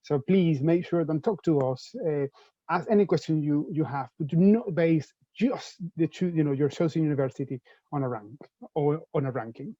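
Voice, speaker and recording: Animated man with a Venezuelan accent. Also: a little high, normal speed, no echo, dull audio. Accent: Venezuelan Spanish. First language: Spanish. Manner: animated, repeats words as he goes. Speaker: presenter for UK universities. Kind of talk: enthusiastic info-session talk.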